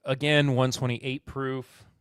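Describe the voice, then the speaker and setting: Male streaming host, slow, rambling casual chat, dry close sound. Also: medium pitch, smooth, dry recording. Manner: relaxed, rambling, with fillers and self-corrections; answers chat comments and laughs at them. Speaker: podcast host.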